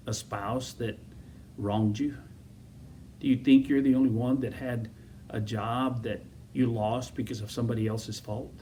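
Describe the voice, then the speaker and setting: A man's voice: mid-range voice, mellow, far from the mic, slight background noise. A man preaching a sermon as pastor, emphatic and repetitive, full of rhetorical questions.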